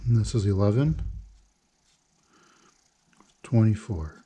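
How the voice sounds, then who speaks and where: A man's voice: fairly low pitch, expressive, slow pace, dark tone. A man narrating a casual how-to video, talking through each step as he works. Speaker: hobby lure painter.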